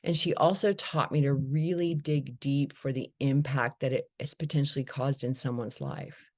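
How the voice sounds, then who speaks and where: Low-voiced woman telling a recovery story. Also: steady tone, moderate pace, a little mellow. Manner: candid, storytelling, acts out quoted dialogue. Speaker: speaker sharing recovery story. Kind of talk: personal recovery talk.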